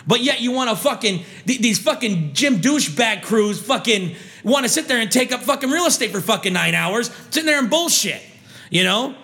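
A male vlogger goes on an angry, foul-mouthed rant, swearing constantly in a high, bright, sharp voice. He's heated, with lively intonation at a moderate pace, and he keeps stumbling over his words, restarting sentences in frustration.

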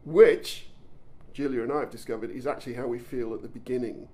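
A podcast host with a mid-range, mellow voice speaks briskly as he tells a story. It's casual storytelling commentary, full of enthusiasm but also frequent stumbles and restarts.

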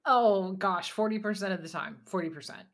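A woman's voice: mid-range voice, fairly quick. A woman hosting a podcast in casual chat, dry and amused, laughing easily. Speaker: podcast host.

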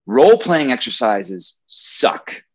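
A man's voice: mid-range voice, big pitch swings, takes it slowly, breathy edge, poor audio. A man speaking as a guest in a casual talk about hiring, emphatic and opinionated. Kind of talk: casual conversation.

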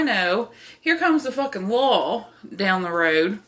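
In a slow, sing-song, fairly bright mid-range voice, a young female podcast host rambles through a personal anecdote. The storytelling is casual, profane, and full of fillers.

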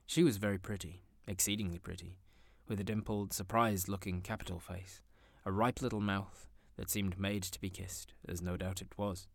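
A man narrating a classic story in an expressive, theatrical manner. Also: deep voice, moderate pace, gravelly, no room sound. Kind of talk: audiobook narration.

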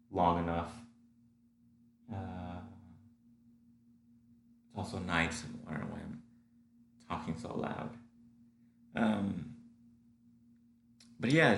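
A man's voice: low voice, creaky, fairly bright tone. A man with a stuffy nose, rambling casually into a home recording setup in his apartment, full of fillers and restarts. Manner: meandering, many fillers and restarts. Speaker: solo audio diarist. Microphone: home recording setup at a computer. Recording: echoey room with faint hum.

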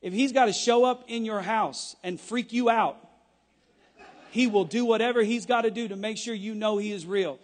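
Passionate preacher, man with a very high voice; hall reverb. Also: moderate pace. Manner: builds to shouting, passionate. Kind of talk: sermon.

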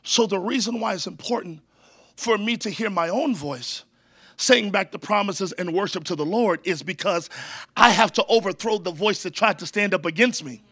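High-voiced, bright, energetic male preacher. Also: normal speed, slightly rough, dry recording. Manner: energetic preaching, call-and-response with the congregation; jokey asides to the crowd. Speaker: pastor. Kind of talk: sermon.

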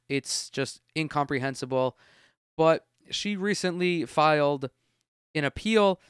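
A man's voice: a little high, smooth, dry recording, clean studio sound. A man hosting a solo podcast from a room at home, giving blunt, opinionated commentary full of swearing. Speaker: podcast host. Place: room at home with windows open.

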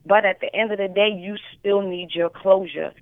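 A woman's voice: medium pitch, steady tone, moderate pace, dry recording. A woman calling in to a podcast, speaking earnestly and encouragingly. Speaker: caller. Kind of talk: heartfelt call-in. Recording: dry phone line.

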